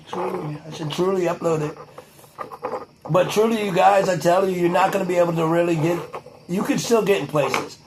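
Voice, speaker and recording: High-voiced young man rambling to camera. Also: poor audio. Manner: profane, repeats "truly", drifts into a mock-presidential cadence. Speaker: vlogger. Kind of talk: rambling casual monologue to camera.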